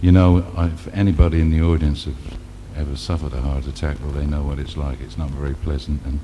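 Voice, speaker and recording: A man's voice: a bass voice, level tone, quick pace, noisy background. A man on stage doing chatty patter and telling a story between songs. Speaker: singer and stage entertainer. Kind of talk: live stage patter with jokes and song snippets. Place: stage in a concert venue. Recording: live hall with long reverb.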